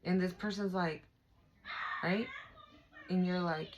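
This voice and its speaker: A woman's voice: on the low side, steady tone, a little slow, pauses often, background noise. A young woman giving a casual spiritual tarot reading, emphatic, emotional and profane, talking straight to her viewers. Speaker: tarot reader.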